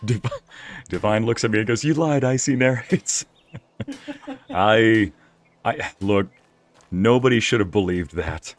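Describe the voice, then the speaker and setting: A man casually commentating a video game as a streamer, playful and jokey, sometimes breaking into loud yelling. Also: lowish voice, big pitch swings, takes it slowly, pauses often.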